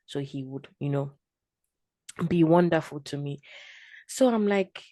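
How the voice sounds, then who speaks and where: Low-voiced woman, guest on a faith podcast, lively testimony, dry close sound. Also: a little slow, no echo. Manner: animated storytelling, acts out her own quotes. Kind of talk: casual testimony chat.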